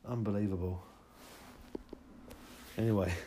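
A man's voice: lowish voice, steady tone, measured pace, dark tone, a little hiss or hum. A young man hosting a podcast, ranting through a profane, rambling comic monologue that keeps escalating. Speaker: podcast host.

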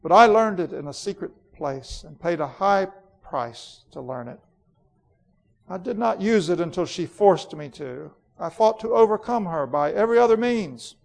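Guy reading as a cold ruthless queen from a storybook, imperious and declaiming, a bit gravelly. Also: sits high, expressive, normal speed, darkish tone. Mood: proud, declamatory. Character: proud, cold, ruthless ancient woman queen.

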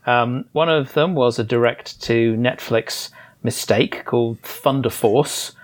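A man's voice: mid-range voice, slow. Articulate, dryly scathing male critic. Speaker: film critic on a podcast. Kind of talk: casual podcast film review chat.

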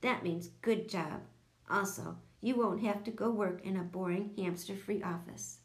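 A woman's voice: medium pitch, unhurried, echoey room, natural voice. A woman voicing a jolly male school principal who makes jokes to children and parents. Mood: jovial.

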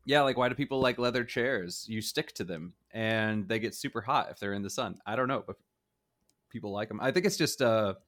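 A man's voice: on the low side, fairly quick, fairly bright tone. A middle-aged man co-hosting a casual gaming chat show, rambling and hedging with frequent chuckles. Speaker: podcast co-host.

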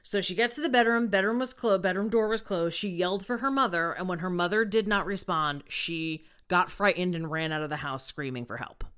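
A woman's voice: on the low side, a little fast, hardly any pauses, fairly bright tone, smooth. A woman hosting a podcast, casually retelling a true crime case with lots of "um" and "like". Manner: chatty, many fillers like "um" and "like".

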